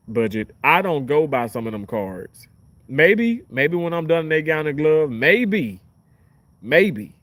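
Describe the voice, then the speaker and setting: Chatty young man telling work stories. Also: mid-range voice. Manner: animated, chatty, swears casually. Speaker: surgical tech. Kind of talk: casual vlog storytelling.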